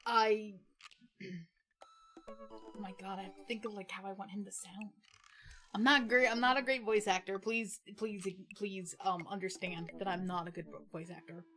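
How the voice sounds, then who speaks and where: A woman's voice: mid-range voice, fairly even intonation, moderate pace, pushed and bright. A woman streamer chatting playfully through a game, swearing and laughing as she answers her chat. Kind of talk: casual let's-play commentary. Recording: game music playing behind.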